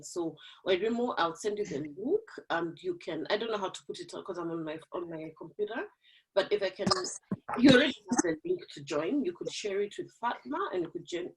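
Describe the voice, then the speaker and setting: A woman hosts an online women's gathering over a video call. Her voice swoops up and down with lively energy. She is chatty and laughs easily between remarks. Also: lowish voice, poor audio. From Kenya. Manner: animated, laughs often, chatty. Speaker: host of an online women's forum. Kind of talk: casual chat on a video call.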